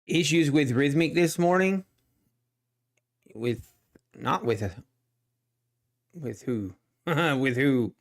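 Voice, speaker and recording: Man, mid pitch, casual live trading commentary, relaxed, thinks aloud. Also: extremely slow, pauses often. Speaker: day trading livestream host.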